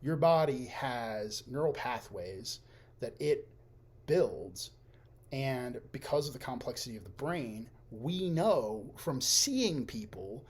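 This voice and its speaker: A young man speaking candidly in a personal monologue, frank and profane, halting with restarts and sinking into quiet, low tones when he reflects. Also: expressive, breathy edge. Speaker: vlogger sharing a personal testimonial.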